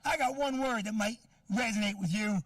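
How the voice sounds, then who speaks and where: A man's voice: sits high, moderate pace, no room sound, far from the mic. A man doing a profane, brash stand-up comedy set in a club, working the crowd and acting out conversations. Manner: brash, profane, acts out quoted dialogue and shouts.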